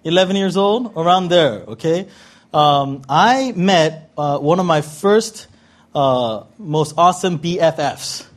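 A man's voice: on the high side, lively intonation, slow. A man preaching as a guest pastor, from Southern California, joking with the congregation and praying. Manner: playful, joking with the audience. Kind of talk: sermon.

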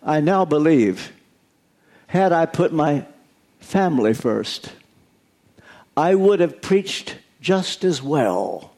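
A man's voice: fairly high pitch, big pitch swings, slow pace, long pauses, darkish tone. An older American man, a pastor, giving an earnest, confessional sermon.

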